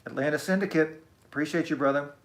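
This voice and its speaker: A man's voice: fairly high pitch, quick pace. Male streamer reading comments aloud, casual, joking at his own expense, echoey room. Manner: warm, chatty, self-deprecating. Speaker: musician hosting a live stream.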